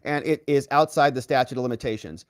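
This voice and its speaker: A man hosting a legal commentary show, recapping courtroom testimony in a lively way and acting out the people he quotes. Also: mid-range voice, fast talker, no echo, clean studio sound.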